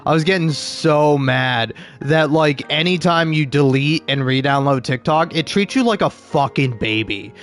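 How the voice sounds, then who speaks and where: A man's voice: fairly high pitch, measured pace, few pauses, a bit bright, soft background music. A man streaming, ranting in a profane, stammering way.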